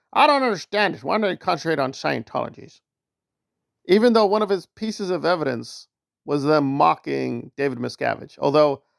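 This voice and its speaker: A man's voice: mid-range voice, creaky, no echo, clean studio sound. A man from the northeastern United States giving casual commentary in a wry, sarcastic way.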